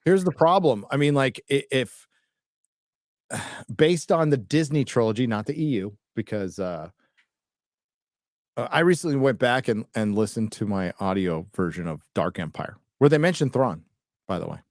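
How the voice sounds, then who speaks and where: A man's voice: medium pitch, lively intonation, normal speed, darkish tone, no echo, clean studio sound. A man co-hosting a casual podcast, rambling and joking, drifting into asides. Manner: rambling, jokey, trails off into asides. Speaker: podcast co-host. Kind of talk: casual chat.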